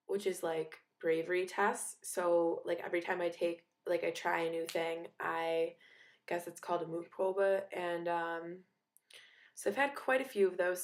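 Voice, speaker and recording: A young woman in her late teens, an exchange student, rambling through a casual video diary. She fills her talk with "like" and "um" and sounds a little sick. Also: lowish voice. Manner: rambling, filler-heavy, chatty.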